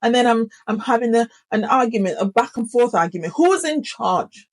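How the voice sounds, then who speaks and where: Animated, emphatic woman teacher. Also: a little high, a little fast, rough recording. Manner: animated, emphatic, repeats key phrases for effect. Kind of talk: instructional talk to camera.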